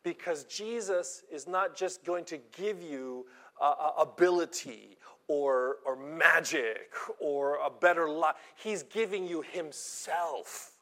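Male preacher, high voice, slow and earnest sermon delivery. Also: fairly bright tone. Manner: earnest, acts out quoted voices, repeats words.

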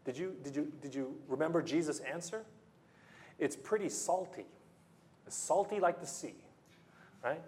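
Male preacher, slightly high voice, emphatic, with rhetorical questions and repeats. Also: moderate pace, long pauses, a little mellow, slight background noise. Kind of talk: sermon.

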